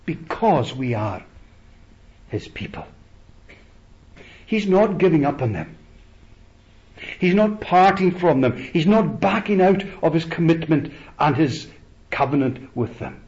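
A man preaching a sermon slowly and deliberately, rising to emphatic peaks and letting phrases trail off softly. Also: a little high, expressive, highs cut off.

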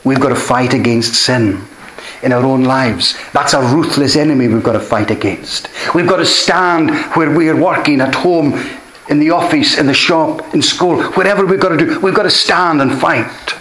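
A man's voice: on the high side, normal speed, fairly bright tone, slight background noise. A man preaching a sermon, earnest and emphatic, often repeating key phrases for weight. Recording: echoey room.

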